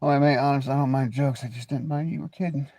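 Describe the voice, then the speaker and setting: A man's voice: mid-range voice, steady tone, quick pace, warm tone, no room sound. A man with an American accent hosting a livestream, teasing and crude in casual banter. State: coughing. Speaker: livestream host.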